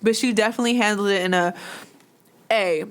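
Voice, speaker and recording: A woman's voice: mid-range voice, brisk, clear, resonant tone. A young woman co-hosting a podcast in casual chat. She swears freely and acts out the lines of the people in her stories. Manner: animated storytelling, swearing, acting out quotes. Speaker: podcast co-host.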